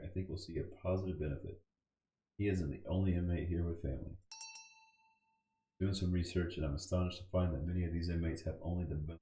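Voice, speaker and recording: A man's voice: deep voice, dark tone. A man commenting casually on a computer game as he plays, thinking aloud, reading game text and cussing when annoyed. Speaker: gaming channel host. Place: home room at a computer. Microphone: boom mic. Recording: echoey room with game music.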